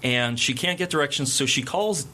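A man in a casual chat, an animated storyteller who laughs often while retelling a film plot. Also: medium pitch, moderate pace.

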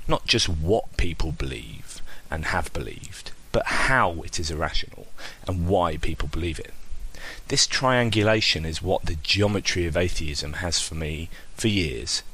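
A man's voice: low-pitched, lively intonation, a little slow, fairly bright tone, slightly rough. A man reading out a farewell message to the show, wry and sarcastic. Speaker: listener leaving a message.

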